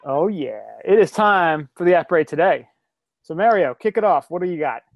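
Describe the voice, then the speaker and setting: A man's voice: sits high, fairly quick, no echo, dull audio. A man co-hosting a casual podcast over a video call, upbeat and eager as he plugs the show. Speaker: podcast co-host.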